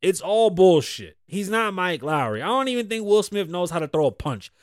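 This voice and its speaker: Loud, cursing man ranting on a podcast. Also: big pitch swings, normal speed, dry recording, studio quality. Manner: blunt, heavy cursing, swings between loud outbursts and low mutters. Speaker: podcast host. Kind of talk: profane opinion rant.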